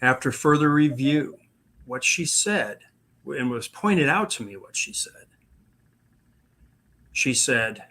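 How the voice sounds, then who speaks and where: A man's voice: medium pitch, lively intonation, takes it slowly, pauses often, pushed and bright. A man telling his own paranormal stories in a rambling way, with many fillers and restarts. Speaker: paranormal investigator guest. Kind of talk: casual storytelling.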